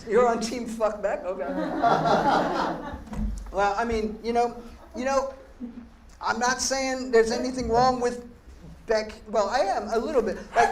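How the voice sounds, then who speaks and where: A middle-aged man, a poet performing live in a gallery, who chats in a rambling, profane, self-deprecating way between readings. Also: very high voice. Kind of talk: live spoken-word performance with banter. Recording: echoey room, distant mic, faint noise.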